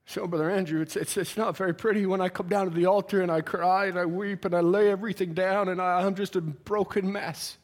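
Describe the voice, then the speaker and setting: A man preaching a folksy sermon in church, building from a conversational tone to fervent, near-shouted exhortation. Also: high voice, fairly even intonation, fairly quick, few pauses.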